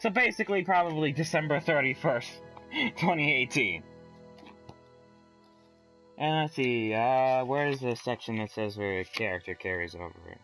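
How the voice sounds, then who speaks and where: A man's voice: medium pitch, moderate pace, long pauses, fairly bright tone, faint music behind, rough recording. A man hosting a let's play, commenting casually in a profane, rambling way and reading aloud from a magazine.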